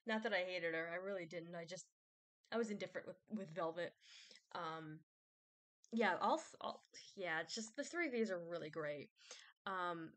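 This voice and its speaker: A woman's voice: on the low side, normal speed, long pauses, a bit bright. A woman vlogger rambling casually, with many fillers, restarts and self-doubt.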